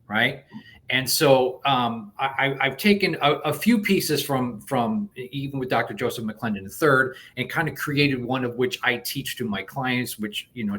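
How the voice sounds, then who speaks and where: A man being interviewed as a coach, explaining a technique step by step in an animated way, with frequent restarts. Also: medium pitch. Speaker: guest coach. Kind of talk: conversational interview.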